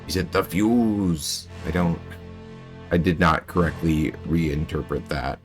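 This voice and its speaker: A man with a low voice thinks out loud while he plays, stopping now and then to answer viewers. Soft game music runs underneath his talk. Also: fairly even intonation, a little slow. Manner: musing aloud, chatting with viewers. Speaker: streamer. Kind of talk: casual gameplay commentary.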